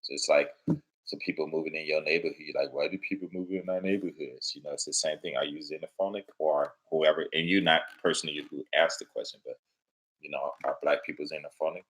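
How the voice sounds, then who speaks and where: Deep-voiced man telling stories, bright tone. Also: brisk, poor audio. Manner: rambling, animated, laughs at his own stories. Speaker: father, teacher living in Japan. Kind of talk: casual storytelling chat.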